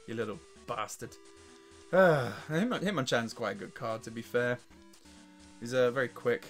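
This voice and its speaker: A man's voice: medium pitch, moderate pace, soft background music. An English man with a weak, worn voice gives casual gameplay commentary, laughing and swearing as he trash-talks the game. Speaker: let's play host.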